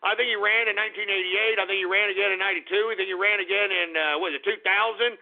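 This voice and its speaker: A man hosting a talk radio show, ranting and swearing, swinging from mutters to shouted outbursts. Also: high voice, steady tone, fast talker. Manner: ranting, profane, bursts into shouting. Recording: tinny phone-like radio audio.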